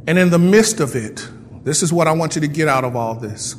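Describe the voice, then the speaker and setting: High-voiced pastor preaching in a reverberant hall. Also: male voice, a little fast, a little hiss or hum. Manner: animated preaching with playful asides. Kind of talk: sermon. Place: church sanctuary.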